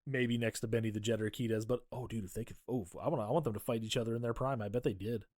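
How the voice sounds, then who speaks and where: A man's voice: medium pitch, rapid-fire, no room sound, studio quality. A man co-hosting a podcast, recapping a movie in casual, profane chat and acting out the characters' lines. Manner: profane, animated retelling with acted-out quotes. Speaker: podcast co-host.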